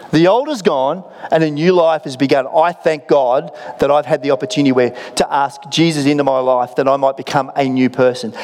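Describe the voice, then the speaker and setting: Australian pastor in a reverberant hall. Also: male voice, high-pitched, darkish tone. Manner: conversational storytelling with self-deprecating humour. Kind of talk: sermon. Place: church auditorium. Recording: long reverb of a large hall.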